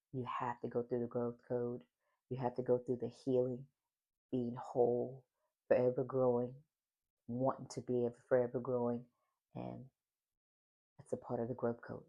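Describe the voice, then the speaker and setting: A man's voice: medium pitch, gravelly, muffled recording. A man hosting a solo faith-based podcast, talking with a smile in his voice and repeating affirming phrases. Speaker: podcast host.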